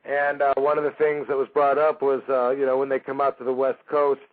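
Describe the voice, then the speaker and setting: A man's voice: mid-range voice, brisk. Chatty man on a tinny radio line. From Michigan, USA. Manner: animated, acts out quoted voices, frequent fillers. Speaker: radio show host. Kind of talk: casual storytelling radio talk. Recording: phone-like narrow band radio audio.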